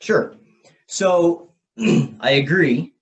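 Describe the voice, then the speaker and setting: A man hosting a podcast, thinking out loud as he explains ideas at a whiteboard and often checks in with "okay?" and "right?". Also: fairly high pitch, very slow, lo-fi sound. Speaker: podcast host. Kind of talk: casual explanatory podcast talk. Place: room with a whiteboard.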